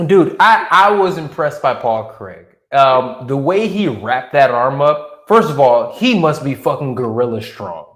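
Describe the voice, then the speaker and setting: A man co-hosting a casual fight recap podcast, animated and profane, often laughing as he talks. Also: mid-range voice, a little slow, few pauses. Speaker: podcast co-host. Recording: roomy echo.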